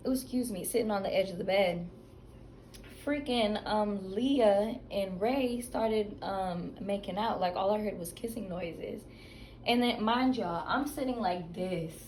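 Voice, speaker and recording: A woman's voice: medium pitch, darkish tone. Candid young woman telling a story in an echoey room. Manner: candid, loose, many fillers and "like". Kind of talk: casual storytime chat to camera. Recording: echoey room, faint background hiss.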